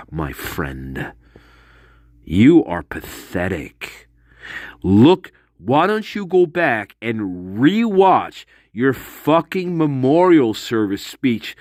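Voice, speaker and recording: Male commentator, slow-paced profane rant, sneering, dry close sound. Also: medium pitch, no echo. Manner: profane, mocking, with scornful laughs. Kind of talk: angry ranting monologue.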